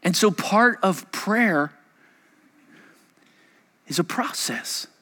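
Male pastor, high bright voice, emphatic sermon in an echoey church hall. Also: animated, drawn-out words. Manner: emphatic, repetitive, swings between loud and hushed.

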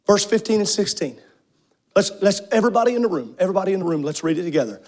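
Brief: male preacher in church, striking very high pitch, impassioned sermon that swells into shouts and sung phrases. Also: expressive, racing. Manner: emphatic, shouting, half-singing cadence. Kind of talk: fervent sermon.

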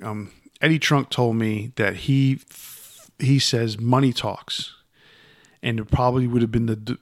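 In clean studio sound without room echo, a man with a mid-range, fairly bright voice co-hosts a relaxed podcast chat. He tends to ramble, frequently starting over and repeating himself, then turns emphatic, voice lifting, to make a point.

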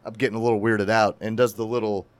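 Man, profane casual storytelling, animated delivery, dry close sound. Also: lowish voice, fast talker, no room sound. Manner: crude, animated, laughing at his own story. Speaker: storyteller on a podcast.

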